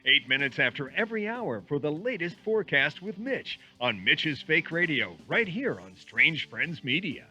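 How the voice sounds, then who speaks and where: A booming, salesy radio promo announcer, put on by a man. The tone is bright and piercing and the pitch leaps around with cheesy energy. A faint music bed runs under the husky voice. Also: big pitch swings, normal speed, hardly any pauses, exaggerated voice. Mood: hyped.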